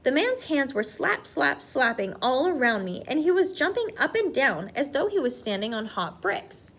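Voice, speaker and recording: A woman teacher reading a children's book aloud to her class, with expressive, animated delivery. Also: high voice, normal speed.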